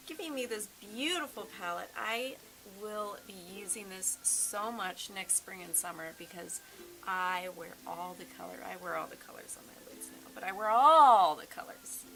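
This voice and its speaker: A woman's voice: medium pitch, rough recording. A woman beauty vlogger chatting casually and cheerfully about a makeup look she just finished, recorded in her sunroom at home. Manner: bubbly, chatty, upbeat. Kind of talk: casual makeup tutorial chat.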